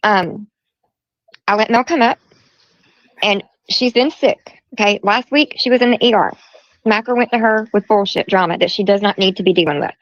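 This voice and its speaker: A woman's voice: mid-range voice, moderate pace, no room sound. A middle-aged woman hosting a livestream, retelling a quarrel in quoted speech and repeating herself. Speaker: livestream host. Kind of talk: heated casual storytelling. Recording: dull lo-fi stream audio.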